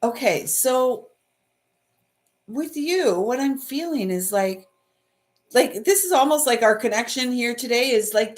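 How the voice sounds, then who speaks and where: A woman in her fifties from Canada, hosting a live card reading and talking in a gushing, meandering, emotional way. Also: fairly high pitch. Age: 50s. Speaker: intuitive card reader, livestream host.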